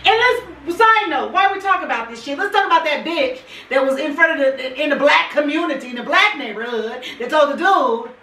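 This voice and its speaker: A Californian woman venting in a heated casual chat, swearing freely and hammering her points with repetition. Her voice is bright and swings widely in pitch. She sounds a bit distant, in a roomy space with faint noise behind. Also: expressive, a little fast, few pauses. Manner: profane, emphatic, repeats herself.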